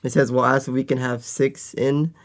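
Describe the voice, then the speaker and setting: A man's voice: mid-range voice, little pitch movement, normal speed. A man co-hosting a casual podcast, rambling with lots of filler words. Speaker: podcast co-host.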